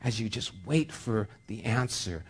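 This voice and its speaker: A middle-aged pastor preaching a sermon, moving between quiet, slow passages and raised, emphatic ones, with casual fillers in his stories. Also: on the low side, expressive, slightly rough. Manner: storytelling asides with casual fillers. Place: church sanctuary.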